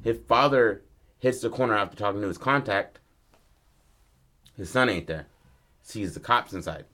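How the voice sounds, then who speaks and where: A man casually pitching a film story, acting out the characters' lines, swearing freely and rambling with restarts. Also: lively intonation, normal speed, pushed and bright. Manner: loose, rambling, many restarts and fillers.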